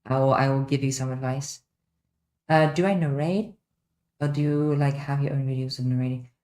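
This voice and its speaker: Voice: mid-range voice, fairly even intonation, moderate pace, mellow. A streamer in a casual livestream Q&A, chatting off the cuff while answering viewers' questions from a home setup.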